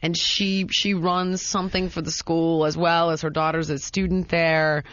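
Her voice is lowish, a bit bright and level in tone, at a moderate pace, as she tells a casual anecdote with self-mocking, dramatic exaggeration and plenty of rambling restarts. The lo-fi recording is dry and dull, without echo.

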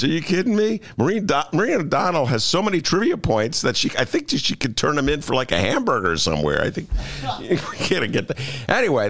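Playful, animated male radio host. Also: mid-range voice. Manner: joking, self-mocking, playful. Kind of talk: comic radio talk. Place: radio studio.

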